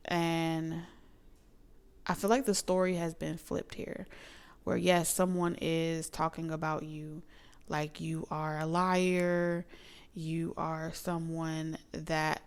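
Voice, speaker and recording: A young adult woman giving a casual tarot reading as a psychic medium, chatty and emotive, with soft asides. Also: deep voice, flat delivery, slow, clear, resonant tone.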